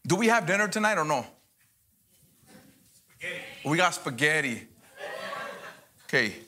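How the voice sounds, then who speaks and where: A middle-aged man preaches a revival sermon in a church. His voice is bright and forceful and sits a little high for a man. He jokes with the crowd and calls out for answers as he preaches. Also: big pitch swings, normal speed. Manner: joking, call-and-response preaching. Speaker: guest pastor. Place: church service before a congregation.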